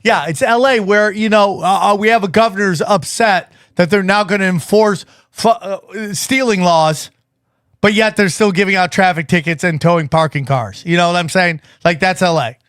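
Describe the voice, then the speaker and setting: A man co-hosting a podcast, telling a story in casual chat. He acts out what people said and climbs to near shouts. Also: high voice, normal speed, no echo, studio quality. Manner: animated, acts out quotes, rising to shouts. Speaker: podcast co-host.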